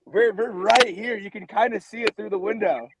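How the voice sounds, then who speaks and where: Young laid-back musician man, high voice. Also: moderate pace, background noise. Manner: laid-back, laughs easily. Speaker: musician guest. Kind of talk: casual interview chat.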